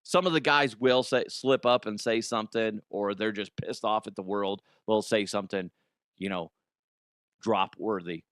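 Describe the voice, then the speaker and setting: A man's voice: lowish voice, normal speed, fairly bright tone, dry recording, clean studio sound. A man hosting a comedy news show, chatting casually, swearing and laughing often at himself. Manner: laughs often, profane, self-mocking.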